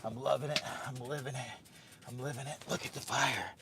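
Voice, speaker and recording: A man's voice: medium pitch, steady tone, a little fast, noisy background. An older man hosting a camping livestream from a hot tent, chatting casually, repeating himself and calling himself by a nickname in the third person. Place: hot tent outdoors on a windy day.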